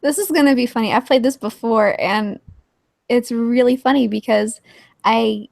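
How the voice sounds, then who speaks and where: A woman's voice: fairly high pitch, moderate pace, vocal fry, a little mellow, dry recording. A woman playing a card game on a stream, chatting casually and laughing a lot. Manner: giggly, laughs often. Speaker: player.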